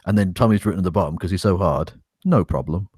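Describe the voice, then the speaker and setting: A man's voice: low-pitched, rapid-fire, darkish tone, no room sound, clean studio sound. A man co-hosting a casual podcast, reading a statement aloud with wry, sarcastic asides and swearing. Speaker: podcast co-host.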